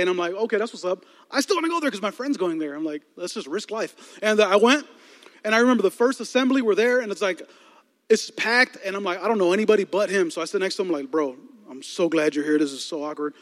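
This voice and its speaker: High, animated young man preaching in a hall. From Chicago area, United States. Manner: animated, acts out voices in his stories, stammers and repeats words. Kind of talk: storytelling sermon to a live youth audience.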